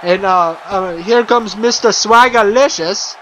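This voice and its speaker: A man giving playful, excitable wrestling commentary over a video game, chuckling often and full of fillers and restarts. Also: sits high, measured pace, lo-fi sound, slight background noise.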